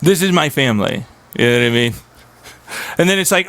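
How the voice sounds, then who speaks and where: A man's voice: a little high, fast, fairly bright tone, no room sound. A young man streaming, venting in an agitated, profane, rambling monologue.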